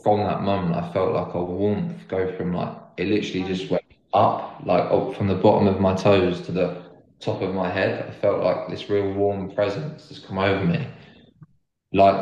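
Low-voiced man telling his faith story. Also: a little mellow, highs cut off. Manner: earnest, rambling, lots of "like" fillers. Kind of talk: casual conversational testimony. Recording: roomy echo.

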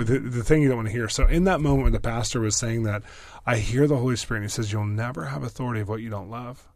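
A pastor being interviewed, telling stories in an excitable way with many fillers and quick bursts. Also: male voice, mid-range voice, no room sound. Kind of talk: animated storytelling.

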